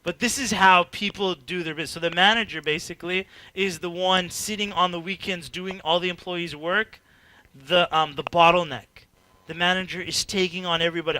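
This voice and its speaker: A man giving an informal teaching talk to a group, animated and chatty, acting out little dialogues and laughing between filler-heavy sentences. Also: sits high, fairly quick. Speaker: workshop speaker.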